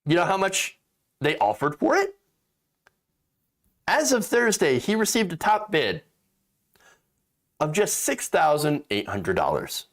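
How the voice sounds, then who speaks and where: A man's voice: a little high, huge pitch swings, unhurried, long pauses. A man hosting a political commentary show, sarcastic and exasperated, mocking what he reads and swearing freely.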